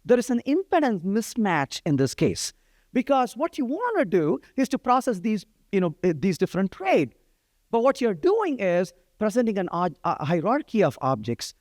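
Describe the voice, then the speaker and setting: A man's voice: high voice, very animated, normal speed, a little mellow, no echo, clean studio sound. A middle-aged man giving a live-coding lecture, talking in a conversational way and often checking in with "right?". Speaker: programming instructor.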